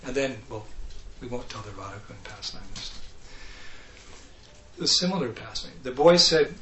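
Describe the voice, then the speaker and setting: A man giving a devotional talk, telling scripture stories in a lively way and acting out the characters. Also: mid-range voice, moderate pace, long pauses. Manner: animated, acts out characters, laughs often. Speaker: speaker. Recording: echoey room with faint ambience.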